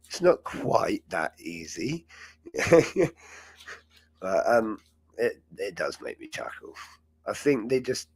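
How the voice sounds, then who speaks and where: A man's voice: low-pitched, creaky, slightly rough, dry recording. A man hosting a live chat show, talking in a rambling, chatty way and laughing often. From England. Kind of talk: casual live-stream chat.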